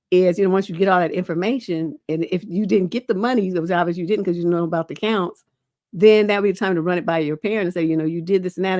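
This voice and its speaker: A woman's voice: lowish voice, darkish tone, no echo, clean studio sound. Blunt, casual woman relationship coach. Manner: blunt, casual, peppered with "you know". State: lingering cough. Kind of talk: livestream advice show, reading and answering questions.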